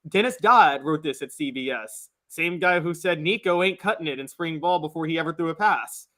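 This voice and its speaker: Sports talk co-host guy, bit high voice, jokey and opinionated. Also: a little fast, bright, forceful tone. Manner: opinionated, joking.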